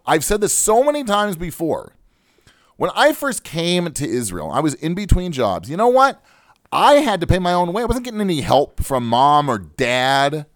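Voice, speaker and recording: A man's voice: fairly high pitch, no room sound, clean studio sound. A man hosting a financial radio show, ranting with jokes and fired-up emphasis. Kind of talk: comic talk-radio rant. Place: radio studio.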